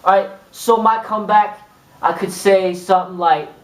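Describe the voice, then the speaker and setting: A man with a fairly high voice gives a loose, rambling kung fu lesson and acts out little exchanges as he goes. He sits well back from the microphone. The room around him rings with echo. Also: fairly even intonation, moderate pace. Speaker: kung fu instructor. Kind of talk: informal spoken lesson. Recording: echoey room, mic far off.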